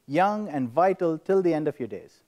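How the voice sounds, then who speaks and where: A man voicing an old male genie in a joke, told in a deadpan storyteller's way. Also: fairly high pitch, normal speed, muffled recording, lightly acted. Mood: sly.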